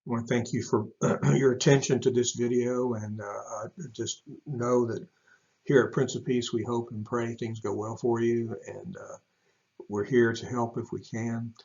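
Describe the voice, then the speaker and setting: Man, gravelly voice, rambling with ums, parenting advice talk, dull lo-fi recording. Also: medium pitch, measured pace. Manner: rambling, relaxed, many ums and restarts. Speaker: church staff speaker.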